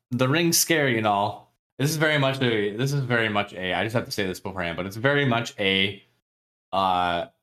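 On his podcast, a man with a fairly low, slightly bright voice casually recaps a novel for a friend. He's chatty, laughs often, and slips into quick character impressions while retelling their conversations.

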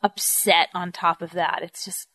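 A woman in a casual film discussion who gives wry, measured takes. Her voice sits at a middle pitch, and the recording is dry and close. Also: level tone, sharp tone, dry recording. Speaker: podcast co-host.

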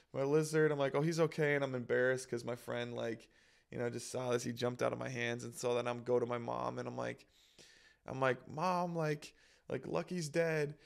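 Casting: young man, monotone delivery with vocal fry, rambling anecdote. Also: mid-range voice. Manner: rambling, self-conscious, lots of fillers and acted quotes. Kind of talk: casual storytelling.

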